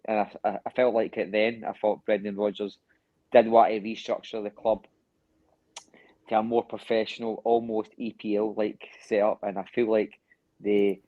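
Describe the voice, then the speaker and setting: A man's voice: fairly low pitch, no echo. A man co-hosting a football podcast, talking things through thoughtfully with many restarts. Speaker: podcast co-host. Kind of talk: casual podcast chat. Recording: dry, slightly dull lo-fi sound.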